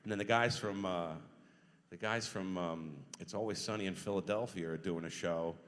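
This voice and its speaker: A middle-aged man, a voice actor, telling stories at a convention panel Q&A, animated and quick to laugh. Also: sits low. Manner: animated storyteller, acts out quotes, laughs often. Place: large convention hall. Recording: reverberant convention hall.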